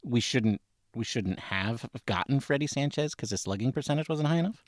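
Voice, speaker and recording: Animated man bantering on a dry mic. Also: mid-range voice, moderate pace, no echo. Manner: exasperated, rambling banter. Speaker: podcast co-host. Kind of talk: comedic podcast chat.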